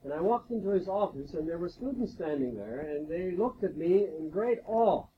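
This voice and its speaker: A man's voice: high-pitched, lively intonation, a little hiss or hum. Man lecturing on a dull old tape. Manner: measured, explanatory lecturing with rhetorical questions. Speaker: guest speaker at a faculty retreat devotion. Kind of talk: lecture-style talk on science and faith. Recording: dull lo-fi 1980s tape recording.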